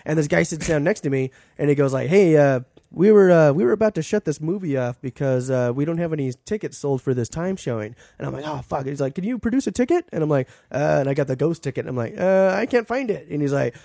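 A young man chats on a podcast, racing through a story and acting out the other people in it. His voice sits a little high, and the close, dry recording leaves no room sound. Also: fast, vocal fry, few pauses, dark tone, no echo. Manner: rambling anecdotes full of fillers, acts out other people's lines. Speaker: podcast host. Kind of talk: casual chat, storytelling.

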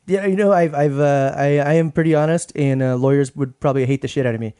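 A man's voice: a little high, fast talker, warm tone, clean tone. A man co-hosting a comedy podcast, telling rambling anecdotes in casual chat. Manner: rambling storyteller, acts out quoted voices. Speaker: podcast co-host.

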